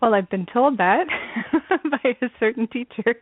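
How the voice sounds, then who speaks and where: A woman's voice: a little high, moderate pace, no echo. A woman speaking as a guest in an interview over a video call, earnest and sprinkling in "you know". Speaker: interview guest, spiritual student. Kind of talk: conversational interview. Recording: dry, tinny phone-like line.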